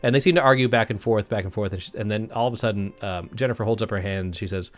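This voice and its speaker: A man narrating as game master of a tabletop game, relaxed and often laughing, with many uhs. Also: fairly low pitch, fast, few pauses, soft background music.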